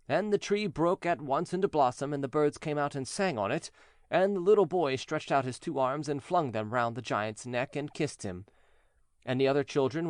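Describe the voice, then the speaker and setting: A man narrating a fairy tale for English learners in a clear, measured, expressive way. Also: mid-range voice, no room sound, clean studio sound. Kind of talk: storybook reading for English learners.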